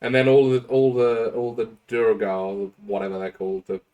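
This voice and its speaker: A man's voice: medium pitch, moderate pace, warm tone, dull audio. A man playing a tabletop game, jokey and laughing often in casual chat. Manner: jokey, laughs a lot, swears. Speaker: player.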